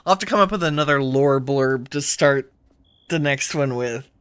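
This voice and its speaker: A woman's voice: extremely low pitch, normal speed, clear, resonant tone, dry recording. A woman giving casual gameplay commentary, chatty and talking to her game characters as she plays. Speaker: game streamer.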